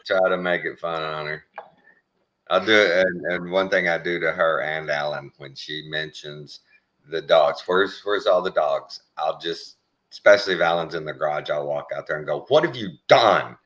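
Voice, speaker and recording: A man hosting a casual chat, telling animated stories and laughing often. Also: very deep voice, moderate pace. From Texas. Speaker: host.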